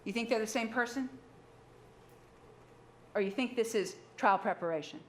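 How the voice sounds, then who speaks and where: A woman's voice: a little high, moderate pace, reverberant, a little hiss or hum. Woman prosecutor firing pointed questions. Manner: pointed rhetorical questions, sarcastic. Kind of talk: closing argument to a jury. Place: courtroom.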